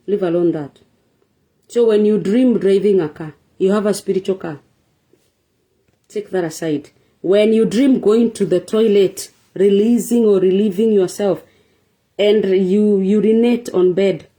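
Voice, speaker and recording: A woman with a mellow, mid-range voice speaks a little slowly as the host of a relationship talk show. In a preachy monologue, she lectures her viewers using rhetorical questions and emphatic repetition.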